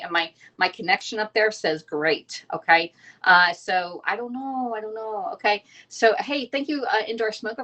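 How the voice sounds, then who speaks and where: A fast-talking woman, hosting a casual live cooking stream from her home kitchen and reading viewer comments aloud. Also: mid-range voice, fairly bright tone. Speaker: livestream cooking host.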